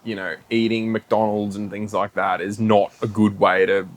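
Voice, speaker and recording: A man's voice: fairly low pitch, little pitch movement, normal speed. A man co-hosting a podcast, chatting casually, laughing along and chiming in. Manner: easygoing, laughs along, chimes in. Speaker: podcast co-host. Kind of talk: casual chat.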